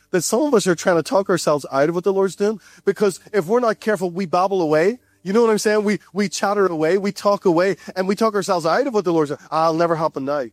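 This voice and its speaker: A man preaching a sermon as pastor, animated and repeating key lines for emphasis. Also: sits high, dry recording.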